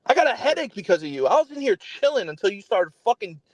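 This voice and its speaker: Very high-pitched, angry, cursing man. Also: big pitch swings, fast, dull audio, a crowd in the background. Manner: profane, angry, talks over others. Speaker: sports show co-host. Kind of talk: heated sports debate. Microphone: remote call-in.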